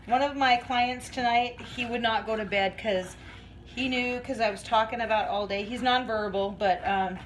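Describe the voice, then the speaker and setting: A woman's voice: a little high, fairly even intonation, normal speed, a little hiss or hum, poor audio. A woman vlogging as she bakes in her home kitchen, chatting in a rambling way and laughing often. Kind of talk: casual chat while baking.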